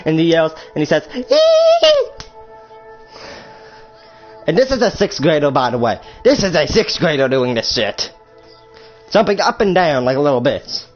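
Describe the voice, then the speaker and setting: A man's voice: fairly high pitch, big pitch swings, brisk. A teenage boy telling a storytime vlog story in a rambling, crude way, often stopping to correct himself. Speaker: storytime vlogger. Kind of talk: casual storytelling. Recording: slightly muffled lo-fi audio with faint music.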